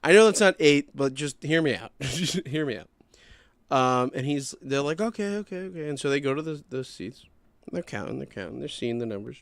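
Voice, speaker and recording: Young male podcast host, animated and profane storyteller, dry studio sound. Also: medium pitch, no echo. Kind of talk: casual storytelling.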